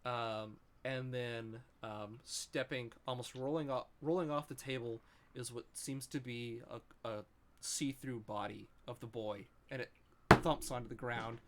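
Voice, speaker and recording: A man's voice: medium pitch, fairly even intonation, unhurried. A man narrating as game master, describing the scene with frequent ums.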